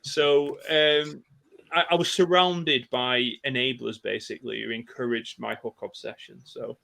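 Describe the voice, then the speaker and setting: A man's voice: mid-range voice, steady tone, measured pace, vocal fry, sharp tone. A man in his thirties, talking enthusiastically and nostalgically in a casual podcast discussion. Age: 30s. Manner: enthusiastic, nostalgic, with many restarts. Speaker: podcast guest.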